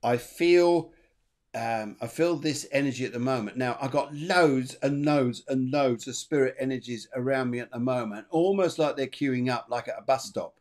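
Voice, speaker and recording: A man's voice: medium pitch, normal speed, darkish tone. A man hosting a live online psychic show, giving readings and chatting about viewer messages in a rambling way with many fillers. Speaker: medium and show host.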